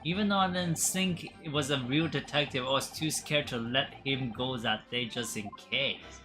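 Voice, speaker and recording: A woman voicing a frightened, tearful Italian con man with a put-on Italian accent and a high, whining voice, reading game dialogue aloud. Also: bright, forceful tone. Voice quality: high wailing "wee wee" whine.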